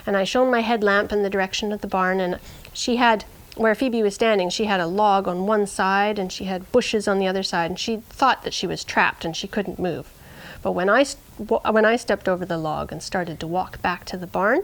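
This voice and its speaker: A woman shepherd telling a personal story in an earnest way, dropping to a hush at tense moments. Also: mid-range voice, normal speed, rough recording.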